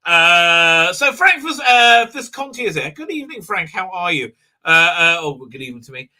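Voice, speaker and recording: Bright-voiced rambling livestream host man. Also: high-pitched, very animated, moderate pace. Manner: rambling, many fillers and restarts, laughs often. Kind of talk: casual live-stream chat.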